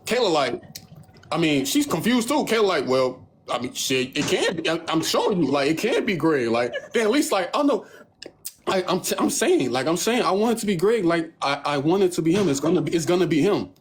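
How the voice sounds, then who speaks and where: Animated young man telling a story on a phone. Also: on the high side, fairly quick, a little hiss or hum. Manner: animated, profane storytelling, acting out others' lines in mocking tones. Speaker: livestream host. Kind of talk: casual livestream storytelling.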